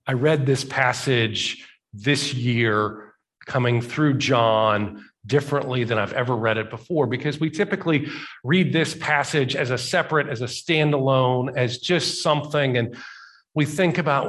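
A man preaching a sermon as a pastor, telling the story conversationally and slowing down for emphasis. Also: medium pitch, a bit bright.

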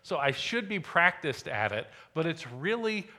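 A man preaching a sermon as the pastor, telling a personal story in a conversational way and dropping to quiet asides. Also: a little high, sing-song, normal speed.

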